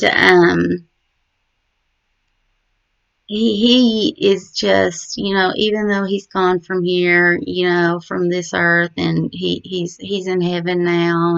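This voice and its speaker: A middle-aged woman remembering her late son, speaking haltingly and tenderly with many pauses and fillers. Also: on the low side, little pitch movement, vocal fry, a bit bright, smooth. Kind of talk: personal memorial reflection. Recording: dull lo-fi recording.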